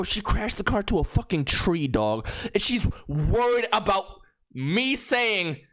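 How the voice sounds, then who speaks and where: Bright, animated young man telling a story. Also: sits high, a little slow. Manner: animated, slangy and profane, with lots of filler. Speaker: streamer. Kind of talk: casual storytelling.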